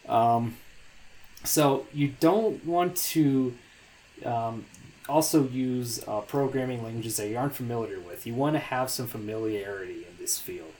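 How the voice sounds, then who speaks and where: A man's voice: medium pitch, unhurried, a little mellow, a little hiss or hum. A young man co-hosting a casual podcast, talking in a loose, hesitant way with lots of fillers and restarts. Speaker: podcast co-host.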